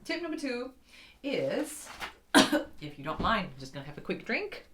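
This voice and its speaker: A woman's voice: medium pitch, very animated, a little slow, heavy background noise. A woman giving a casual piano lesson, chatting with viewers as guys and scatting rhythms aloud. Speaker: piano teacher. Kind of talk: casual online keyboard lesson. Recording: echoey room with piano.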